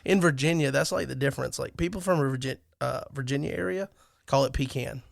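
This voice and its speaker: A man's voice: mid-range voice, quick pace, creaky, no echo, studio quality. A man co-hosting a podcast, chatting casually, joking and rambling with restarts. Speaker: podcast co-host. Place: lives in Alabama.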